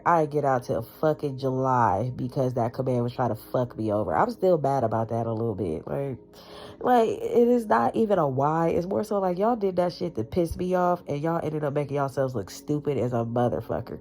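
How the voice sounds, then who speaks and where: A woman's voice: sits low, a little mellow. A woman in her thirties talking bluntly to camera in a candid personal monologue, emphatic and full of profanity. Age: 30s. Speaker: vlogger.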